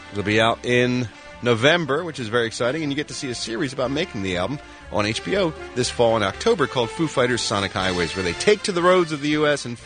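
A man reporting entertainment news on a radio morning show, with a lively, teasing announcer delivery. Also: mid-range voice.

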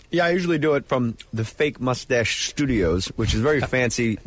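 A comedian guest in a radio studio, chatting casually and telling animated stories, quoting people in voices. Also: male voice, mid-range voice, moderate pace, a little hiss or hum.

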